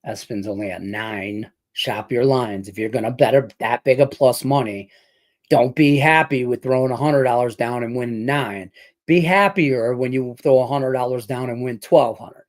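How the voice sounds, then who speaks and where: A man's voice: medium pitch, normal speed. A middle-aged man from Detroit hosting a sports betting show, chatting casually and rambling through a profane story full of fillers. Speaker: sports betting podcast host. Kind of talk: casual chat with betting picks.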